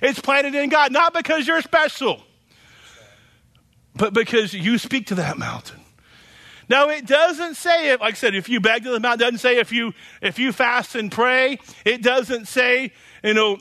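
A man's voice: very high voice, animated, moderate pace, bright, forceful tone. A man preaching a sermon as pastor, emphatic and repetitive, often tossing in "you know".

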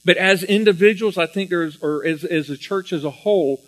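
Earnest preacher man, somewhat high voice. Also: normal speed, rough recording. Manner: earnest, repeats and restarts words, animated when telling stories. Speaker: preacher and former Marine. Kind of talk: sermon.

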